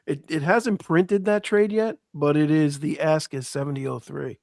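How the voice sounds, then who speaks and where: A hoarse man with an East Coast accent, co-hosting a casual livestream chat and talking through market numbers with halting restarts. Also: on the high side, steady tone, darkish tone, no room sound, clean studio sound. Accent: American East Coast. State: hoarse, voice shot. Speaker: co-host.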